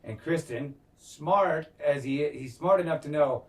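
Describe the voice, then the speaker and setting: Casual co-host, male, animated, swears freely, a bit distant from the mic. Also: fairly high pitch, moderate pace, hardly any pauses. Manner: animated, swears a lot, acts out lines. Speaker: podcast co-host. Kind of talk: casual recap chat.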